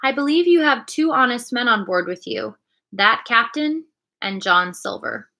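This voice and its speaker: Brief: a woman playing a measured, thoughtful gentleman doctor in a storybook, bright voice. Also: on the high side, sing-song, exaggerated voice. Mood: calm. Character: calm, measured country doctor, man.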